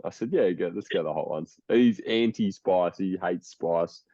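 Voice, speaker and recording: A man's voice: low voice, moderate pace, few pauses, warm tone, dry recording, highs cut off. A young Australian man co-hosting a podcast, chatting casually and rambling, laughing often. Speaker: podcast co-host. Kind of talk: casual chat.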